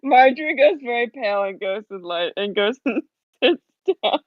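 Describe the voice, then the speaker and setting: A woman's voice: on the high side, animated, normal speed, no echo, dull audio. A woman playing a tabletop game, squealing and laughing at the table. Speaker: player.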